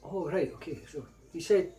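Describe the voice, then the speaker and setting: A man's voice: a little high, normal speed, warm tone. A middle-aged Scottish man telling personal anecdotes in a casual, rambling way, growing emphatic when he replays old arguments. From Scotland. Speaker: vlogger.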